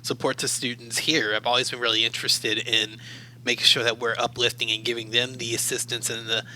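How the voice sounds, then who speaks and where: A man from Baltimore, a university academic adviser, telling personal stories as an interview guest in a measured, thoughtful way. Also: medium pitch, flat delivery, sharp tone, slight background noise, rough recording. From Baltimore, USA. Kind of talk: reflective interview storytelling.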